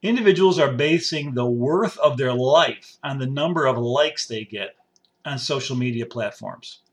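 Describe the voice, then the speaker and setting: A man's voice: medium pitch, moderate pace. A man hosting a podcast, musing aloud in a rambling personal monologue with frequent restarts. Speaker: podcast host. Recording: faint music behind.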